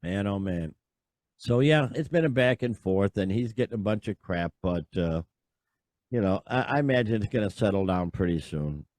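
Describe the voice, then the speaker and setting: A podcast host rambles through casual chat, exasperated, with plenty of fillers and sighs. His voice sits fairly low and sounds animated and darkish, moving at a normal speed on a dry recording.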